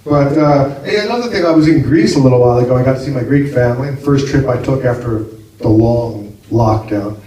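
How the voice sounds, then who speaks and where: A man's voice: medium pitch, a little fast, mellow, slight background noise. An American man doing a chatty, self-mocking stand-up set on stage, often laughing at his own lines. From United States. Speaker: stand-up comedian. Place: comedy club stage with a live audience. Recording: far-off echoey club with crowd. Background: audience laughter.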